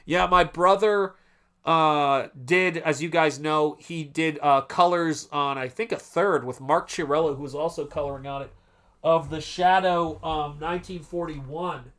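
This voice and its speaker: Guy running a late night stream, rambly and excitable, voice a bit on the high side. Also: a little slow. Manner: rambling, animated, self-interrupting. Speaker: livestream host and artist. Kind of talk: casual live-stream chat.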